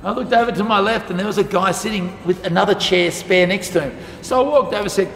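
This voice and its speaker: A man's voice: sits high, quick pace, gravelly. A man teaching a lesson to school students, telling a story and acting out the dialogue. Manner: animated, acts out quoted dialogue. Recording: echoey hall with faint music.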